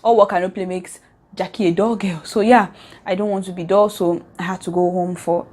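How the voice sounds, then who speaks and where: A woman's voice: on the low side, steady tone, a little fast, darkish tone. A young woman from Nigeria with a Nigerian accent, talking in a casual, earnest and heartfelt reflective vlog. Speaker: vlogger.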